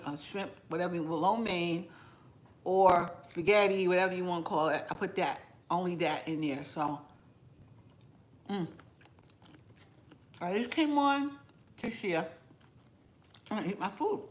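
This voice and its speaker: A woman's voice: lowish voice, a little slow, pauses often. A woman chatting with live viewers while eating in her home kitchen, rambling casually and talking with her mouth full. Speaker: cooking vlogger.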